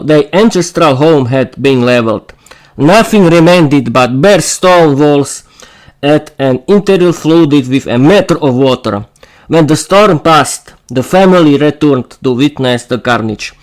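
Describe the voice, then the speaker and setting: A man's voice: on the high side, lively intonation, takes it slowly, darkish tone. A man reading a story aloud for English learners as a podcast host, with small slips and asides to listeners.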